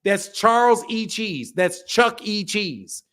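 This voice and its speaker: A man's voice: high-pitched, expressive, slow pace, fairly bright tone. A man hosting a boxing channel, ranting in casual disbelief, profane and repetitive, with laughing asides. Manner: profane, incredulous, repeats himself, laughing asides. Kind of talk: casual reaction rant.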